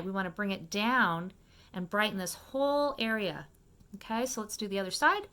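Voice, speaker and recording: A woman hosting a makeup tutorial, talking viewers through each step in a chatty, fast-paced way and often checking in with them. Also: medium pitch, a bit bright. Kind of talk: casual step-by-step makeup demonstration.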